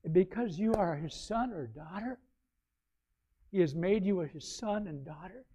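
A male pastor preaching a sermon, animated, swinging between quiet asides and loud bursts. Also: high voice, unhurried, breathy edge. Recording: slightly dull, lo-fi sound.

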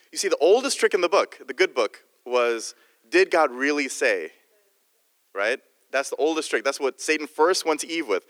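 A man's voice: mid-range voice, a bit bright, no echo, in a large hall. A man preaching a sermon in a jokey, conversational way, often restarting his sentences. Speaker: guest preacher.

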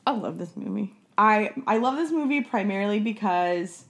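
A woman co-hosting a casual podcast, chatting in an animated way and saying "like" a lot. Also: mid-range voice, normal speed. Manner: chatty, animated, says "like" often. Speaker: podcast co-host. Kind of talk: casual chat.

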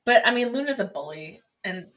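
A woman co-hosting a casual podcast, wry and quick to laugh. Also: fairly high pitch, expressive, a bit bright. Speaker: podcast co-host. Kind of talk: casual chat.

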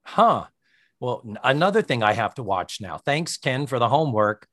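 Animated man recapping with lively inflection. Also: medium pitch, no echo, studio quality. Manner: animated, acts out characters' lines in quick voices. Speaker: podcast co-host. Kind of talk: casual chat recapping a sitcom episode.

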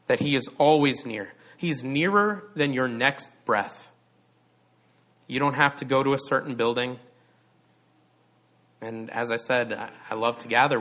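A man preaching a Sunday sermon with a bright, clear-edged voice. He leans on key words for emphasis and poses rhetorical questions to his listeners. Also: medium pitch. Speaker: pastor.

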